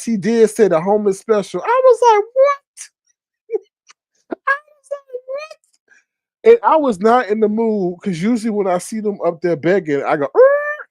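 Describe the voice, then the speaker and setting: A man hosting a casual live stream, chatting with viewers and greeting them by name. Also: no echo. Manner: animated, shoutouts to viewers, big jumps into high exclaims.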